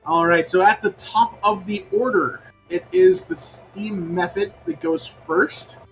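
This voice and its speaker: A man narrating as game master of a tabletop game, pausing often with ums and uhs. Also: high-pitched, a bit bright, soft background music, rough recording. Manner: halting, with many ums and uhs.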